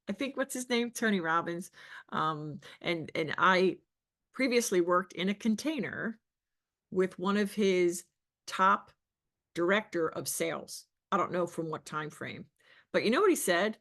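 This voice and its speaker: A middle-aged woman sales coach talking passionately on a podcast, asking the listener questions and acting out other people's lines. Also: mid-range voice. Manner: passionate, animated, rhetorical questions. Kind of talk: podcast teaching talk.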